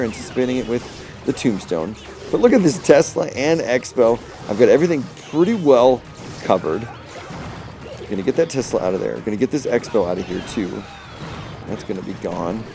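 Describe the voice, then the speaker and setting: A young man talking through replays of his mobile game matches, a casual commentator who gets excited over close plays and trails off quietly. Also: medium pitch, fairly quick, music in the background. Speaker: gaming video host.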